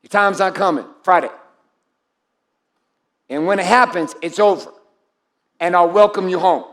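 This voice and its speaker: Male motivational coach, high voice; blunt, swearing, intense delivery to a live group. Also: moderate pace, fairly bright tone, roomy sound. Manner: blunt, profane and intense, calling on people by name. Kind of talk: live motivational speech to an audience.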